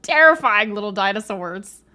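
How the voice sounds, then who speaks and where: A woman's voice: medium pitch, lively intonation, normal speed, pushed and bright. A woman in her late twenties co-hosting a book podcast, bubbly and giggly as she retells scenes. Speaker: podcast co-host. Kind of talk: casual podcast chat about a book.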